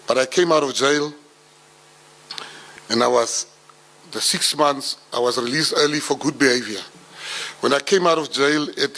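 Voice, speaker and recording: A middle-aged South African man telling his life story to an audience with an animated, comic delivery. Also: medium pitch. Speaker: public speaker. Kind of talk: storytelling talk.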